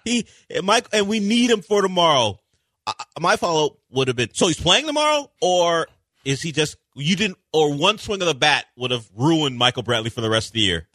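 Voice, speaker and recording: A man's voice: a little high, very animated, normal speed, bright, forceful tone, dry recording. A man co-hosting a sports talk radio show, breaking down the game with wry, dry humor.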